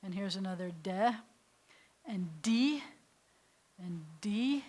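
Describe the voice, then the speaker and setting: A woman's voice: medium pitch, animated, slow, a little mellow. A woman rabbi giving a casual beginner language lesson, playful and chatty, with jokey explanations, and talking aloud to her computer as she works. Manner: talks aloud to her computer while working. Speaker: rabbi teaching Hebrew.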